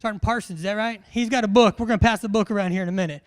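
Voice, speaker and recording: A man's voice: sits high, very fast, clear, resonant tone. A man, a military instructor giving a live classroom briefing in a large hall, joking and quizzing his audience.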